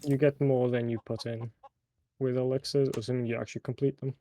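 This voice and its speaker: Male co-player, mellow tone, plain matter-of-fact game talk. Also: medium pitch, little pitch movement, a little fast. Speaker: fellow player. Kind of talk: casual gameplay chat.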